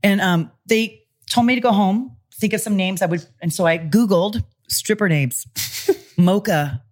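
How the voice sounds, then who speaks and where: A woman's voice: medium pitch, measured pace. A woman in her forties from California, telling stories in a casual interview and acting out the voices of people she quotes. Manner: animated, acts out quoted voices. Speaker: interview guest, former pro wrestler. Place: studio in Los Angeles.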